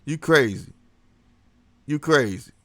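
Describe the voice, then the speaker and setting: A man's voice: medium pitch, slow, no room sound. A man hosting a casual livestream, talking animatedly to his chat, laughing often. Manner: animated, laughs a lot, reads chat aloud. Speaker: livestream host.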